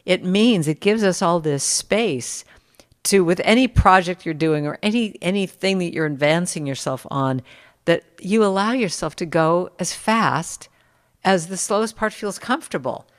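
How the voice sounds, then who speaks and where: A middle-aged woman in a casual conversation, telling stories and acting out what people said in lively bursts. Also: lowish voice, normal speed, long reverb tail. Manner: animated storyteller, acts out quotes. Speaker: musician guest.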